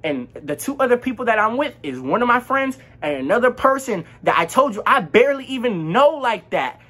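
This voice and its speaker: Teen guy, husky voice, lively up-and-down storytelling with lots of slang, acts out the dialogue. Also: very high-pitched, a little fast. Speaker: vlogger. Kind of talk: casual storytime vlog.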